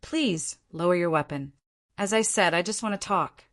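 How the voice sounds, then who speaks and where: A woman's voice: on the low side, normal speed, natural voice. A woman reading the lines of a cold, menacing older male terrorist leader with a slight accent. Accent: slight foreign accent.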